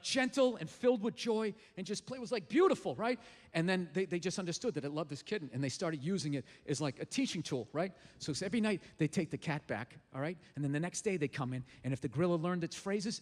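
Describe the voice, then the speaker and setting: A male stand-up comedian performing on a club stage, ranting loudly and swearing often. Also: sits high. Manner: profane, ranting, loud. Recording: live venue with reverb and audience.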